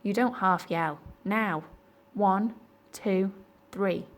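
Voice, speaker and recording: A woman voicing a boy who shouts slowly and loudly in a deep put-on voice. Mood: hurried. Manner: slow, loud and clipped.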